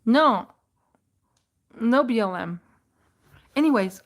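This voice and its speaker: Brief: chatty woman live-streamer, fairly high voice, rambling and laughing through a story. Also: takes it slowly, pauses often. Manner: rambling, animated, laughs and restarts often. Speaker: vlogger on a live chat stream.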